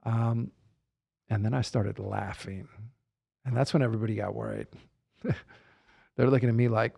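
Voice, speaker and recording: Gravelly-voiced man telling a personal story. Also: on the low side, fairly even intonation, moderate pace, pauses often, muffled recording. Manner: reflective, repeats phrases for emphasis, frequent "you know" and "like". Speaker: guest sharing personal story.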